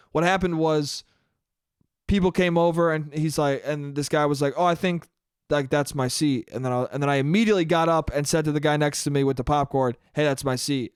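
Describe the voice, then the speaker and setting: A man's voice: a little high, smooth, no room sound, studio quality. A young man hosting a solo podcast, rambling in a profane, self-mocking way. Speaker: podcast host. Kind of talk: solo comedic monologue.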